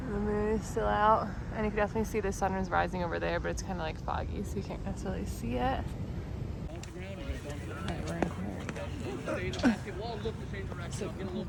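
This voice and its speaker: Speaking at a moderate pace with vocal fry and frequent pauses, a woman with a mid-range voice does casual, bubbly vlog chat on her travels, often laughing. The noisy footage is shot on a handheld phone, moving between outdoor and indoor spots.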